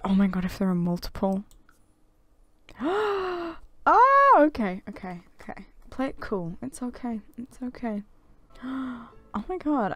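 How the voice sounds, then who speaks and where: Young woman, let's-play commentary, high lively voice, unhurried pace, dry close sound, giggly and gasping. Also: no echo. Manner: excitable, giggly, gasping, often exclaims. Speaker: gaming video creator.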